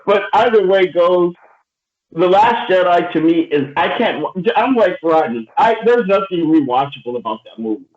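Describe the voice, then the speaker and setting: Man, high voice, animated profane rant, echoey muffled call audio, podcast moderator. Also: moderate pace. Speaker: roundtable moderator. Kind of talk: casual podcast discussion.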